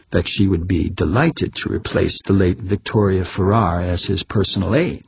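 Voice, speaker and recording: Narrator: man, low husky voice, dull lo-fi sound, reads fiction with light character voices. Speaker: audiobook narrator. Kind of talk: scripted narration.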